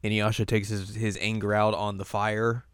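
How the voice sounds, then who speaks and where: A young man co-hosting a casual podcast, recapping an episode and slipping into quick character voices as he retells scenes. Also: on the low side, flat delivery, clear, resonant tone, no echo, clean studio sound. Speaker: podcast co-host.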